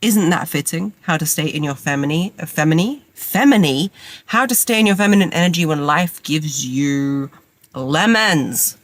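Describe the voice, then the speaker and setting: A low-pitched woman in her thirties speaks at normal speed with no echo, hosting a podcast from a parked car while she has a cold. Using a makeshift mic setup, she talks casually to listeners in a chatty, rambling, self-mocking monologue.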